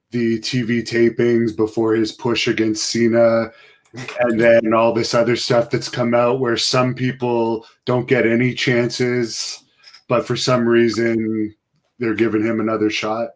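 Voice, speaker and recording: A man's voice: medium pitch, monotone, a little slow. A man hosting a casual live interview, reading out fan questions in a matter-of-fact way.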